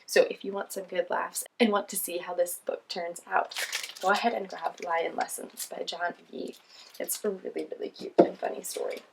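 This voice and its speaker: A woman's voice: lowish voice, steady tone, moderate pace, vocal fry, a little mellow, a little hiss or hum. A woman hosting a children's show, reading picture books aloud in a cheerful, sing-song way with frequent laughs.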